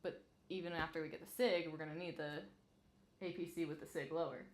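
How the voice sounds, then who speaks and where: A woman's voice: low-pitched, fairly even intonation, quick pace. A young woman hosting a casual chat, hesitant and full of fillers, often laughing. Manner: giggly, hesitant, lots of fillers. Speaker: channel host.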